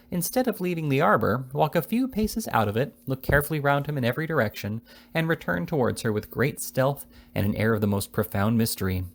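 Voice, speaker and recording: A man's voice: mid-range voice, vocal fry. Man reading a novel aloud casually. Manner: unhurried reading with frequent small slips and restarts. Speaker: reader of a classic novel. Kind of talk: casual read-aloud narration.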